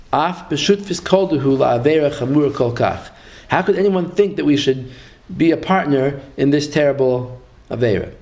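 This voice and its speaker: A man with a Yeshivish English accent gives a text-study lecture in a fairly high voice. He reads each passage slowly and carefully, then switches to a relaxed, conversational explanation. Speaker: Torah teacher.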